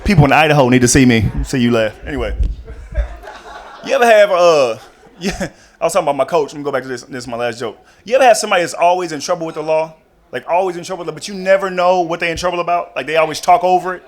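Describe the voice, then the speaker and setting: A man's voice: fairly high pitch, quick pace. A young man doing a stand-up routine in a chatty, rambling way with many asides, speaking on a comedy stage into a handheld mic.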